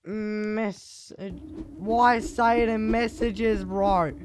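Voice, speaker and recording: A young man commentating a live game, switching between muttered asides and sudden excited shouts. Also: high voice, extremely slow, background noise. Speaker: sports commentator.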